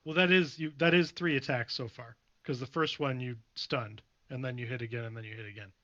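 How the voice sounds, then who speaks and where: A man's voice: medium pitch, fairly even intonation, fairly quick, fairly bright tone, no echo, lo-fi sound. A man playing in a tabletop game who helpfully explains the rules to the others. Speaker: player. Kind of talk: casual tabletop game chat.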